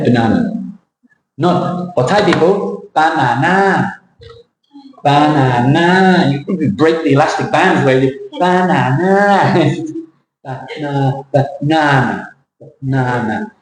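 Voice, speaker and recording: A man coaching pronunciation, stretching words out and repeating them for learners. His voice sits at a middle pitch and rings in a roomy classroom, with a faint hum underneath. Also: darkish tone. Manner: drills words slowly, mixes in Thai asides. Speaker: pronunciation teacher. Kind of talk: accent coaching lesson.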